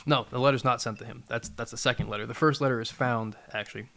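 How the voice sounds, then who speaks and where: Gravelly-voiced man telling a crime story. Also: mid-range voice, fairly even intonation, quick pace, fairly bright tone. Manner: reads documents aloud, with frequent laughs. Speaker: podcast co-host. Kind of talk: casual chat retelling a true crime case.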